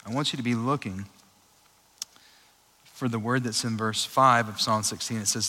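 A young adult man preaching a sermon in a conversational, animated way, with frequent fillers and restarts. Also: mid-range voice, normal speed, long pauses, a little hiss or hum, poor audio. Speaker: pastor.

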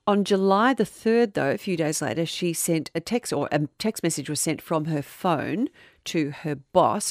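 Low-voiced chatty woman podcaster. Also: darkish tone, no room sound, clean studio sound. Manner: chatty, self-deprecating storyteller reading listener messages. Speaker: podcast co-host. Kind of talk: casual true-crime podcast chat.

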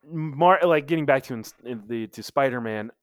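A man's voice: mid-range voice, normal speed, no room sound, clean studio sound. A young man in casual chat about games and films, easygoing but sticking to his point.

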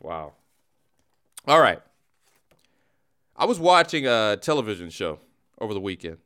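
Male host, lively, mock-dramatic sports banter. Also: lowish voice, measured pace, clean tone. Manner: animated, teasing, mock-dramatic. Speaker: podcast host. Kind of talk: casual comedic sports chat.

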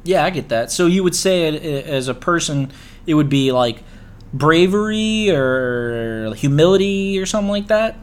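Podcast host: man, somewhat high voice, laid-back, laughs easily, casual swearing. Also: lively intonation, moderate pace. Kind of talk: casual chat.

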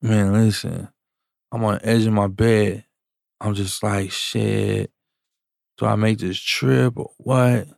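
A man, a music producer, telling a story in casual chat, slangy and animated, acting out the people he quotes. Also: lowish voice, takes it slowly, gravelly, dry recording, clean studio sound.

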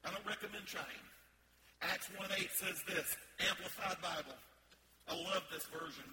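A man preaching a sermon as a pastor in a church, building to emphatic, forceful stretches. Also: high voice, normal speed, very noisy. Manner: emphatic preaching with rising bursts of intensity. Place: church sanctuary.

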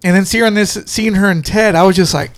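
A man co-hosting a podcast in casual chat, easygoing and quick to chuckle. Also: high voice, no room sound. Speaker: podcast co-host.

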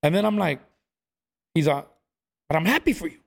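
A man's voice: fairly high pitch, normal speed, creaky. A man telling stories in a casual chat, acting out what people said. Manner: animated storyteller, acts out quotes, says "bro" a lot.

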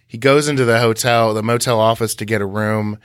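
A man's voice: on the low side, steady tone, fairly quick, smooth, no room sound, studio quality. A man co-hosting a podcast, recapping and analyzing scenes in a meandering, self-correcting way. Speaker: podcast co-host. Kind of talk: casual podcast discussion.

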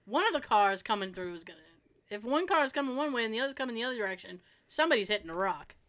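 A woman chatting casually, telling an animated story, laughing often and acting out the people she quotes. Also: a little high, rapid-fire.

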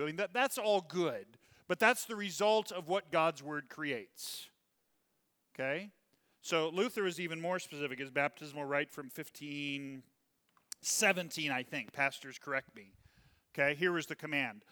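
A man's voice: a little high, normal speed, sharp tone. A male pastor giving a sermon, emphatic, drawing out key words, with chuckling asides, in a church. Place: church sanctuary. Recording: long reverb from a church hall.

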